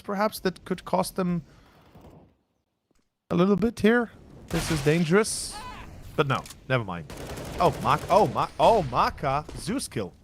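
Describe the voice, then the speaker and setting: A man doing live color commentary on an esports match, excitable and playful. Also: medium pitch, a little hiss or hum. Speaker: esports co-caster.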